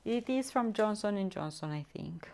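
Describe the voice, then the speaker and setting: A woman chatting casually with viewers as she cooks live in her home kitchen, often pausing to search for words. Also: medium pitch, animated, gravelly, darkish tone. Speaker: streamer cooking live. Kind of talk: casual live-stream cooking chat.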